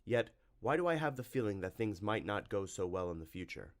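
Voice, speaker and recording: A man's voice: fairly low pitch, sing-song, fairly quick. A man voicing a solemn, heroic male vampire hunter in an audiobook, speaking in a grave, formal, old-fashioned way.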